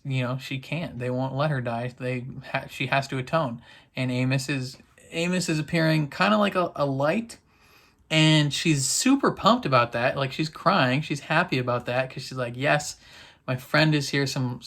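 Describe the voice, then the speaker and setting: A young man talks through an episode in a loose, rambling way. His voice sits at a middle pitch, and he leans on fillers and quick laughs as he recaps. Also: a bit bright. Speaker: TV reaction vlogger. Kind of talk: casual recap chat.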